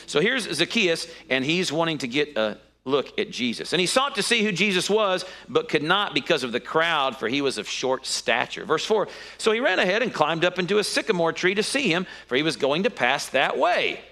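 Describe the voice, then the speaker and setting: A man preaches a sermon, telling the story with lively energy and leaping up in pitch when something surprises him. His voice is bright and a little high for a man. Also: moderate pace, few pauses. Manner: animated storytelling with sudden high-pitched exclamations.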